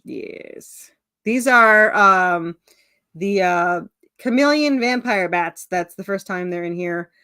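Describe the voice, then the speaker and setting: Speaking slowly in a mid-range voice that is bright, forceful and smooth, a woman chats as a guest on a video call, with studio-quality sound and no room sound. She creates indie comics, rambles with many fillers and restarts, and laughs at herself in a self-mocking way.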